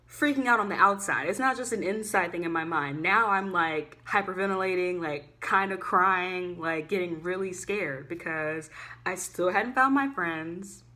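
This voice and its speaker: A young woman telling a casual storytime vlog, chatty and animated, full of "like" fillers, swinging between loud and hushed. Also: mid-range voice. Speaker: student vlogger.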